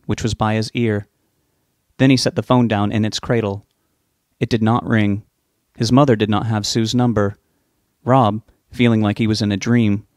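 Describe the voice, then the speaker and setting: Man, audiobook narration, steady, measured, middling pitch, dry close sound. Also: no echo. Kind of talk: scripted novel narration.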